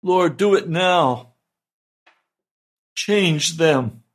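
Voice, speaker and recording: Man, radio preacher, fervent pleading prayer, husky voice, fairly high pitch, faint music behind. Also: extremely slow.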